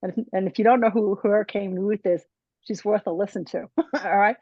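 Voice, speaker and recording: A woman's voice: medium pitch, fairly even intonation, breathy edge, no echo. Woman presenter finishing her talk, stops and restarts a lot, keeps saying right, kinda lo-fi dry audio. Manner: halting, restarts often, tags "right?". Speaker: conference presenter. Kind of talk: personal closing remarks of a talk. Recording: dull dry lo-fi sound.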